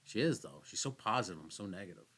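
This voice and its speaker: A man's voice: deep voice, lively intonation, quick pace, a bit bright, slightly rough. A man co-hosting a podcast, chatting casually in a rambling, self-deprecating way. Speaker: podcast co-host. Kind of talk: casual chat.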